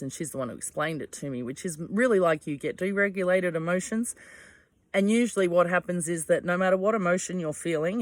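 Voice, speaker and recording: A vlogger talking in a frank, rambling monologue, full of ums and asides and casual swearing. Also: medium pitch.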